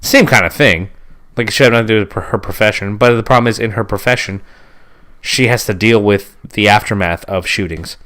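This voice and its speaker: A man's voice: lowish voice, fairly quick, a bit bright. A man co-hosting a podcast in casual chat, rambling and stringing his thoughts together with "like" and "right?". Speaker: podcast co-host.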